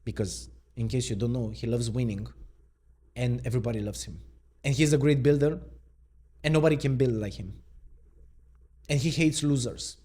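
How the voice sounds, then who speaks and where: A man's voice: mid-range voice, moderate pace, pauses often, mellow, slight background noise. A man from Romania, a mindset coach giving an unscripted reaction, wry and sarcastic.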